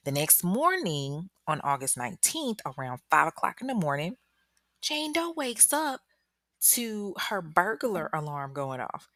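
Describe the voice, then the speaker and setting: A woman's voice: sits low, sing-song, normal speed, hardly any pauses, a bit bright, no echo, studio quality. A woman hosting a true-crime podcast, telling the story casually with lots of slang, profanity and ad-libbed asides. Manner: slangy, profane, chatty, ad-libbing. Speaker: podcast host.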